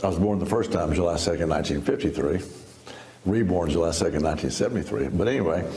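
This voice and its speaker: A man's voice: low-pitched, fast, dark tone, roomy sound, slight background noise. A man in his seventies from Texas, giving a personal testimony in a folksy, storytelling way, with laughs and restarts. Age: 70s. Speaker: interview guest. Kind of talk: personal testimony in a sit-down interview.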